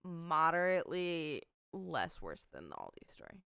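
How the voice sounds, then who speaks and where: A woman's voice: sits low, wildly swooping pitch, a little slow, vocal fry, bright, forceful tone, clear, resonant tone, no echo, clean studio sound. A woman hosting a casual podcast chat, teasing and prompting the others with questions. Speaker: podcast host.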